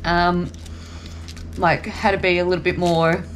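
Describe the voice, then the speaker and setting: A woman's voice: fairly low pitch, flat delivery, measured pace, a little hiss or hum, low-quality recording. A woman on a motorbike trip, bantering back with dry, sarcastic replies and frequent laughter. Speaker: travel companion on the ride. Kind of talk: casual banter.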